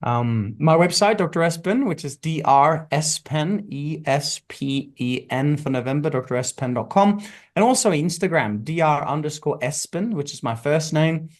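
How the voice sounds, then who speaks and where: A man as a podcast guest, speaking emphatically and telling a parable at a slow, deliberate storytelling pace. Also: fairly high pitch, expressive. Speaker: guest, spiritual teacher. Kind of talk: podcast interview.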